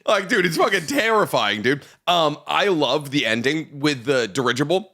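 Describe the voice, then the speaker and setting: A young man co-hosting a podcast, chatting casually with animated laughter, swearing and rambling explanations. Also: on the high side, normal speed. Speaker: podcast co-host. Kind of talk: casual chat.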